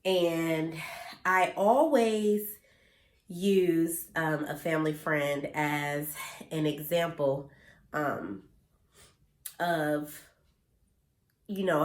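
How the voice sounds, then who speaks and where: A young woman talking earnestly and from the heart in a personal vlog, with many fillers like "um" and "you know.". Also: deep voice. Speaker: vlogger. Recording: echoey room.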